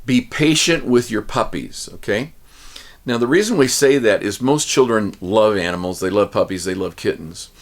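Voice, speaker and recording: A man's voice: lowish voice, normal speed. A man teaching ukulele to other teachers, telling folksy classroom stories, acting out the children's replies and counting strum rhythms aloud.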